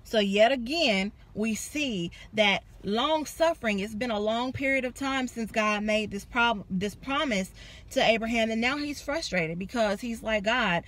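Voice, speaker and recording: Woman, young adult, casual sermon, fairly high voice, lively storytelling. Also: a little slow. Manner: animated storytelling, acts out quoted voices. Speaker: preacher.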